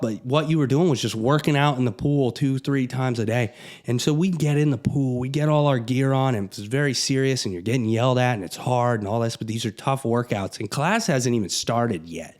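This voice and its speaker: A man's voice: mid-range voice, darkish tone. A middle-aged man, a real estate broker, giving a blunt, conversational pep talk to camera. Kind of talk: motivational vlog talk.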